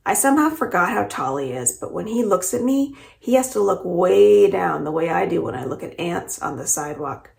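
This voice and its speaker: Expressive woman reading a novel aloud. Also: lowish voice, moderate pace, vocal fry, few pauses. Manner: expressive, lively storytelling. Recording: roomy echo.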